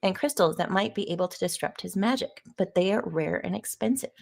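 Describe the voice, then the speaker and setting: A woman's voice: mid-range voice, expressive, a little fast, vocal fry, a little mellow. Woman reading a backwoods militia leader. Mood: grim. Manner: plain read-aloud delivery, no put-on voice. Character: grizzled backwoods male militia leader, conspiracy-minded. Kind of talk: reading AI-generated dialogue aloud on a live stream.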